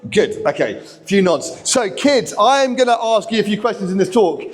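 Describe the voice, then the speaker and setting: A man, preaching a lively, chatty sermon that draws in the kids in a church hall. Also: sits high, normal speed. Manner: lively, chatty, talks to the kids, acts out lines. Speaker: pastor.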